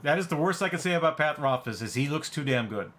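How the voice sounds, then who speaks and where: A man hosting a relaxed online game session, talking in a bright, ringing voice pitched a little high. He gets excitable and gushes loudly, swearing freely. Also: fast talker. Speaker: host and board game player. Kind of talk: casual chat while playing an online game.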